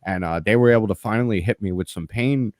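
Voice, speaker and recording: A man's voice: lowish voice, fast talker, no room sound, clean studio sound. A man telling a story in casual podcast chat, swearing often and acting out each exchange of dialogue with animation. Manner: profane, animated, acts out dialogue. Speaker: podcast co-host.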